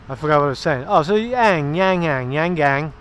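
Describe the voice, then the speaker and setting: A man's voice: a little high, a bit bright, a little hiss or hum. A man giving rambling, profane political commentary while walking in a park outdoors. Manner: rambling, profane, sarcastic asides. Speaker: political vlogger.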